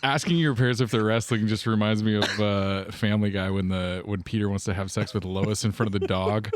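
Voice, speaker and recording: A man's voice: on the low side, steady tone, fairly quick. A man co-hosting a comedy podcast, rambling through a story and giggling. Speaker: podcast co-host. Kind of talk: casual banter.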